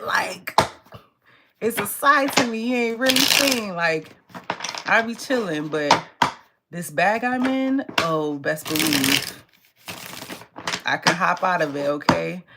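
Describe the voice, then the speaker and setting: A woman's voice: on the low side, heavy background noise. A woman tarot reader talking in a casual, blunt and profane way, laughing often. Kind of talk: casual live tarot reading.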